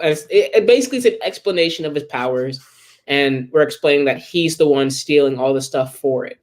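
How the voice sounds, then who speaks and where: A man's voice: a little high, brisk. A man co-hosting a podcast, casually recapping a comic book plot with many ums and acted-out quotes. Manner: rambling retelling with many ums and quoted asides. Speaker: podcast co-host.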